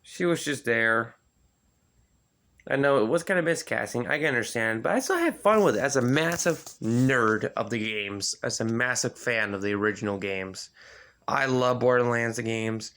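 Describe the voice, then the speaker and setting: A man casually reviewing movies in a video, rambling with lots of fillers, swearing freely and jumping up in pitch when he gets worked up. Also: normal speed. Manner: animated, sudden jumps in pitch.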